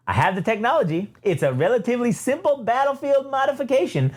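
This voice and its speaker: Man putting on a high prim evil droid. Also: animated, fast. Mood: eager. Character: scheming murderous male droid, fussy and polite.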